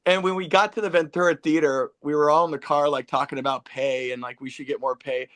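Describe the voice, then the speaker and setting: A man's voice: a little high, fairly even intonation, quick pace, a bit bright. A man hosting a casual interview, telling stories animatedly and addressing listeners as folks. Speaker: podcast host.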